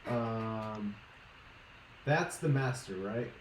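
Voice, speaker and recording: A man's voice: fairly low pitch, extremely slow, echoey room, a little hiss or hum, rough recording. Chatty man hosting a hobby stream. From Boston area, United States. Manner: chatty, thinking aloud while working. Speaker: stream host. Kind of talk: casual chat while building a model.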